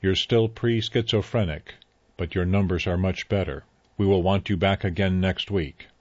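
A man voicing a female receptionist who speaks in a flat tone. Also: sits low, normal speed, dry recording, dull audio.

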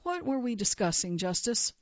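A woman reading the lines of a gentle, worried female nurse who soothes her patient. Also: fairly high pitch, sing-song, normal speed, no echo, muffled recording.

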